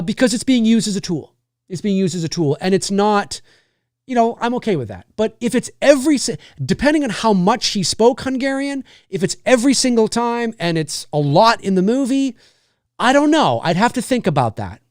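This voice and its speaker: Rambling, high-voiced male livestream host. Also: no room sound, studio quality. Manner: rambling, thinking aloud with many restarts; candid, casual swearing. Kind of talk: casual chat.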